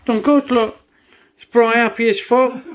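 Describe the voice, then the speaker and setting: High-voiced, blunt, swearing workshop man. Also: steady tone, measured pace, a crowd in the background. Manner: chatty and blunt, swears freely. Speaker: custom motorcycle builder and tattooist. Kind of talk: casual workshop commentary.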